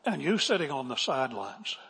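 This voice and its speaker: A man's voice: medium pitch, very animated, a little fast, creaky, fairly bright tone, slightly rough. A male pastor giving an earnest, emphatic sermon, now and then acting out quotes. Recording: long reverb of a large hall.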